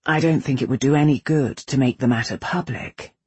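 A woman doing a wry, urbane gentleman. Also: rumbling low, brisk, slightly rough, no room sound, heavily acted. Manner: dry, wry understatement.

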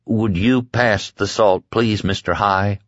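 A man voicing a timid, damaged young man who speaks low and politely, read from an audiobook. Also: very animated, takes it slowly, a bit bright, dry recording, muffled recording, exaggerated voice.

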